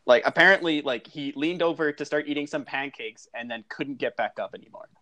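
A young man co-hosting a casual hockey podcast, relaxed and joking and easily amused. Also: a little high, a little fast. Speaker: podcast co-host.

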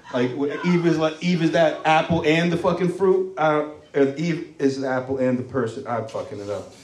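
This stand-up comic is a Moroccan man in his thirties whose voice is fairly high with a darkish tone. His set at the comedy club is rambling, crude, and loose, with mocking voices mixed in. The recording is distant and roomy.

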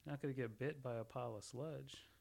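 A man's voice: medium pitch, fairly quick, gravelly, a little mellow. A man in casual podcast chat, rambling through jokey theories with frequent laughs and restarts.

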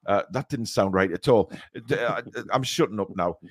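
Fairly low-pitched and slightly rough, a man talks at an ordinary pace in a dry, studio-quality recording. He's co-hosting a football fan show's casual live-stream chat, hesitant and full of ums and repeated words, sounding sore and a bit rattled.

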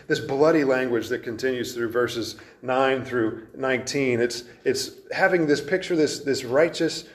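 A man preaching an expository sermon in an earnest, emphatic way, with frequent restarts as he explains the verses. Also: mid-range voice.

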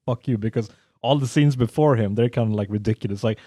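A man's voice: lowish voice, fast talker, no room sound, clean studio sound. A man co-hosting a film podcast, rambling through his points with many restarts. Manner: rambling, restarts often, animated when making a point. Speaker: podcast co-host. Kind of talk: casual film discussion.

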